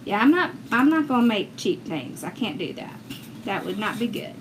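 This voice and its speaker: A woman's voice: medium pitch, big pitch swings, normal speed, background noise. A woman, chatting casually as she teaches wreath making on a livestream, working and reading viewers' comments aloud as she goes. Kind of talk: casual livestream craft tutorial.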